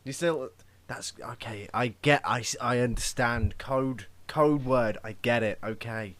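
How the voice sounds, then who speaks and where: A man's voice: mid-range voice, a little slow, fairly bright tone, no room sound. A young man hosting a casual podcast, joking and rambling in a loose, chatty way. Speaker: podcast host.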